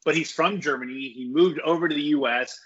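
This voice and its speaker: A man with a slightly raised pitch holds forth on college football, opinionated and rambling, restarting his sentences as he goes. The sound is dull and lo-fi, like a modest home podcast setup. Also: brisk, fairly bright tone, husky. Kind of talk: casual sports podcast chat.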